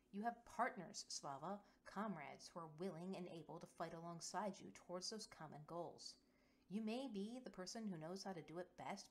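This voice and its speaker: A woman's voice: lowish voice, close to an everyday voice. A woman voicing an earnest, somewhat anxious female lieutenant colonel who gets flustered easily.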